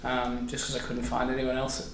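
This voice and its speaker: A man's voice: medium pitch, monotone, fairly quick. A man hosting a podcast, chatty and easygoing, laughing easily and calling his guest mate. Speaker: podcast host. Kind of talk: casual podcast chat. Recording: roomy room with faint noise.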